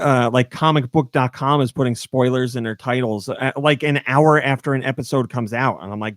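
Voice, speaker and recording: A male podcast host in easygoing chat, telling stories with animated energy and frequent laughter. The recording is dry and close, with no room sound. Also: mid-range voice, moderate pace, hardly any pauses, no echo. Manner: animated storyteller, laughs often. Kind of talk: casual chat.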